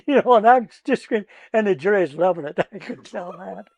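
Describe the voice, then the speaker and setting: High-voiced older man, laughing raconteur. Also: moderate pace. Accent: Midwestern American. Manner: animated storyteller who laughs often and acts out his own shouting. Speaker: retired trial lawyer guest. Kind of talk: casual storytelling interview.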